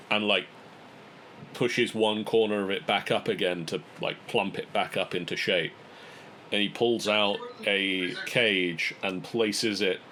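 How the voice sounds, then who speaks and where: Bright-voiced man narrating as game master. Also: on the low side, a little hiss or hum. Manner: relaxed descriptive narration with fillers.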